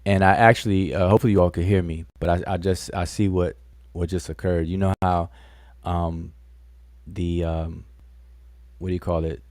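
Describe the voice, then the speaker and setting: A man's voice: deep voice, level tone, moderate pace, darkish tone, no room sound, studio quality. A man hosting a casual live stream, talking in a rambling, conversational way. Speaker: livestream host.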